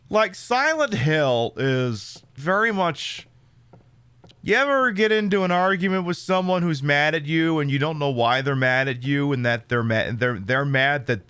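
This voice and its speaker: A man's voice: medium pitch, fairly bright tone, clear, resonant tone, no echo. A man streaming a horror game, giving casual let's-play commentary with sarcastic jokes, rambling asides and casual swearing.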